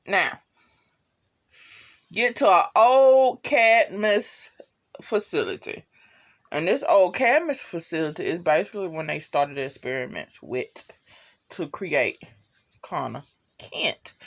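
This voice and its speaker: A woman giving a casual, slangy spoken review of a TV episode, full of asides and acted-out lines. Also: fairly low pitch. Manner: animated, slangy, acts out characters' lines.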